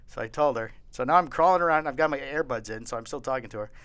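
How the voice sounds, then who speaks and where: A podcast co-host tells stories in casual chat, animated and laughing often. His mid-range voice is fast, and the recording is dry.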